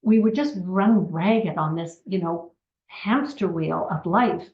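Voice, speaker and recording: A woman's voice: on the low side, slow pace. Chatty older woman telling her story. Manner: chatty storytelling with many asides. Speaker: network marketing distributor. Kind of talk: personal testimony talk. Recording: roomy, slightly dull recording.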